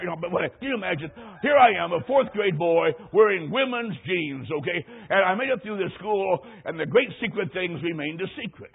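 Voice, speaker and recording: A high-voiced, husky male preacher delivers an emphatic sermon, spinning a personal story and building to loud peaks. The sound is thin and tinny, like an old radio broadcast. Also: expressive, brisk, hardly any pauses.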